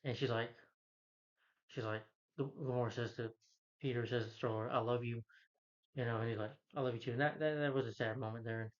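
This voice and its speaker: A man's voice: mid-range voice, steady tone, a little fast, long pauses, dull audio. A man recapping a superhero film's plot in a casual, rambling way, often restarting sentences and quoting characters in his ordinary voice. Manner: rambling, with many restarts and fillers; quotes characters in his own voice. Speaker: film reviewer.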